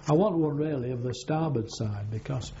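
For an oral history interview, a former navy sailor, now older, rambles and hesitates through memories of his service, leaning on fillers. His mid-range voice carries a dark tone. The audio is dull and lo-fi with a faint hum.

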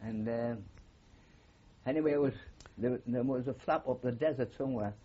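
A man's voice: medium pitch, moderate pace, breathy edge, dull audio. An older man with a Geordie accent, a war veteran telling rambling stories with many fillers in an oral history interview. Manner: rambling anecdotal storytelling with frequent fillers.

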